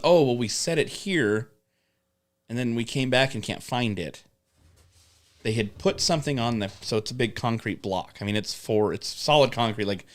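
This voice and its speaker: A man telling rambling work stories in casual chat, swearing often and acting out coworkers. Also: lowish voice. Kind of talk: casual storytelling with profanity.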